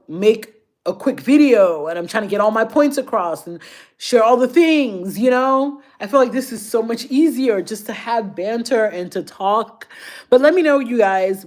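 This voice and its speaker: A woman, a fashion YouTuber chatting casually and emotionally with her viewers on a live stream. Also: medium pitch. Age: 30s.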